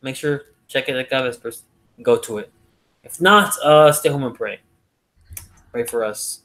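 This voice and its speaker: A man with a medium-pitched, fairly bright voice speaks a little slowly. He co-hosts a podcast, chatting casually and rambling with lots of fillers and repeated words.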